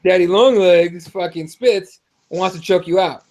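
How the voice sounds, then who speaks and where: A man hosting a casual fight-preview show, animated and swearing freely as he rants. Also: high-pitched, measured pace. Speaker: podcast host. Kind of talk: profane casual fight talk.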